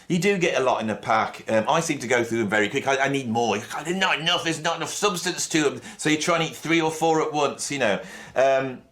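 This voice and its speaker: Man ranting in mock outrage. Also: a bit bright. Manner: mock-outraged rant that swings between low muttering and raised indignation. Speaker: comedy video host. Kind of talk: mock-serious comedic monologue.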